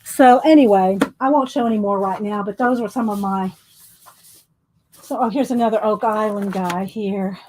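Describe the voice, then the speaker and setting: A woman's voice: medium pitch, moderate pace, darkish tone, a little hiss or hum, low-quality recording. A woman chatting casually and rambling while she flips through her artwork, a little out of breath. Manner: chatty, rambling, says y'all. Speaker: artist vlogger.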